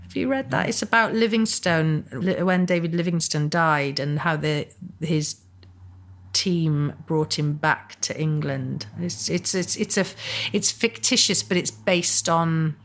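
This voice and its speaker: A woman in her fifties chats about her life as an interview guest. Her voice sits a little low, and she talks in a halting, self-deprecating way. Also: gravelly. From Wales. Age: 50s. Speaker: author and actor, guest. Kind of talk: casual interview chat.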